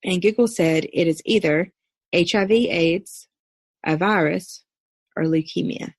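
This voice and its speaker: A woman in her thirties, a podcast guest, earnestly telling a personal story in a steady recounting way. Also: fairly low pitch, a little slow, slightly rough, no room sound. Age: 30s. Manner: earnest, steady recounting with brief quoted dialogue.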